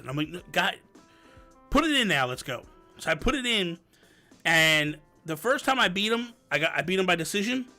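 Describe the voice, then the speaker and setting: A man in his thirties hosting a live stream, answering viewer questions and telling stories that act out family dialogue. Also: a little high. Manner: animated storyteller, acts out family dialogue. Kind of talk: casual live-stream chat and storytelling. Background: light background music.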